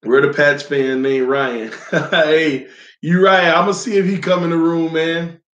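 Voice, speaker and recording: A man hosting a live fan stream, slightly hoarse from losing his voice, greeting viewers by name in loose slangy chat and getting loud when he argues. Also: a little high, fairly even intonation, measured pace, reverberant, muffled recording. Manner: gets loud and heated when arguing a point.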